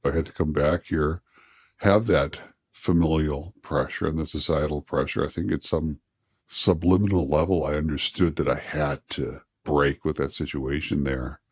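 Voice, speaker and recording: Man, very low voice, dry close sound; candid interview guest, thoughtful and halting. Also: fairly even intonation, no echo. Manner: reflective, halting, with restarts.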